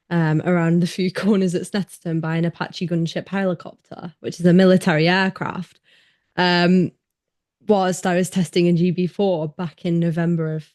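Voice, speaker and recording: Hesitant young woman hosting, lowish voice. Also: darkish tone. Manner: hesitant, many fillers and pauses. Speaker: podcast host, racing driver. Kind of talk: casual interview chat.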